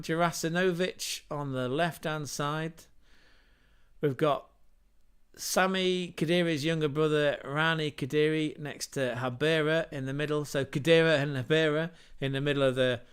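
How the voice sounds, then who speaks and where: A man's voice: on the high side, steady tone, measured pace, a bit bright, clean tone. A man hosting a casual football livestream, running through team lineups with jokey asides, wordplay and self-corrections. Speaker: football podcast host.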